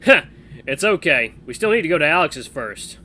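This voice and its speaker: A man voicing a friendly, straightforward young guard who talks loud and hearty. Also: fairly high pitch, big pitch swings, moderate pace, slight background noise, pitched above the performer's own voice. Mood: reassuring.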